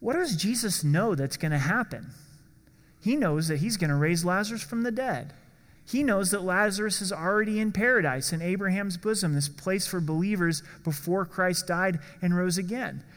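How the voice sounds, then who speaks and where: Male pastor, earnest sermon delivery, a touch high-pitched, echoing church hall. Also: expressive, fairly bright tone. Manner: earnest, slows down for emphasis.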